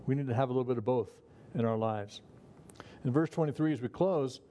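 A man's voice: medium pitch, fairly quick, warm tone. A man preaching a conversational sermon, folksy in manner and chuckling at his own remarks. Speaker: pastor.

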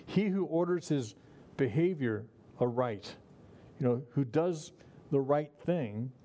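A man's voice: mid-range voice, lively intonation, slow pace, warm tone. A man preaching a conversational sermon, folksy in manner and chuckling at his own remarks. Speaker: pastor.

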